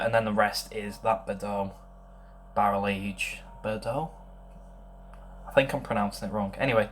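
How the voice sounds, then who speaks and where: A young man giving a casual beer tasting review, thinking aloud and rambling with many pauses. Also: fairly low pitch, slight background noise.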